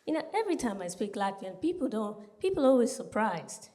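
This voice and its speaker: A woman's voice: a little high, big pitch swings, fairly quick, dark tone. A woman doing a stand-up set in a comedy club, talking to the crowd in a punchy, chatty way with lots of asides.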